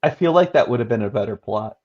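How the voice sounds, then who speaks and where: A man in his thirties co-hosting a casual movie chat, expressive and quick to swear and laugh. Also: medium pitch. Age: 30s. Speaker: co-host. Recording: dull lo-fi sound.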